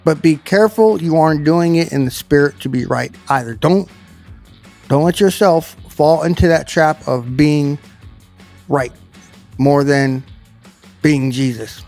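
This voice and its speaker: Man, Bible teacher, fairly high voice, plainspoken and emphatic, soft music underneath. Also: unhurried, pauses often.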